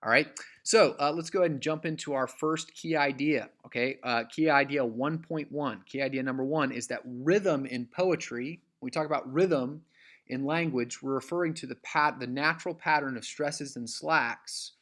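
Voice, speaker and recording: A man's voice: medium pitch, normal speed, a bit bright. A man teaching a recorded literature lecture, acting out stresses in words, with frequent "uh"s and restarts.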